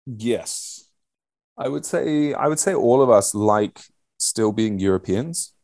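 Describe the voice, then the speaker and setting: A man in his thirties, a guest telling stories in a casual, animated way, swearing and using lots of fillers. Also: mid-range voice, takes it slowly, gravelly, no echo. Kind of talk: casual conversational storytelling.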